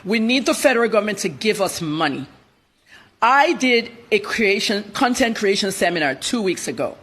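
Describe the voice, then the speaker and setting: A woman journalist from Nigeria speaks as a guest on a TV interview. She talks bluntly and in rapid-fire bursts. Her voice is husky and mid-pitched. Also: very animated, a bit bright. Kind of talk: TV interview commentary.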